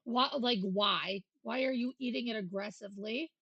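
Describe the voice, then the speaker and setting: Casual sweary woman streamer, high and husky, dry close mic. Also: moderate pace, no room sound, lo-fi sound. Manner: animated, profane, joking. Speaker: livestreamer.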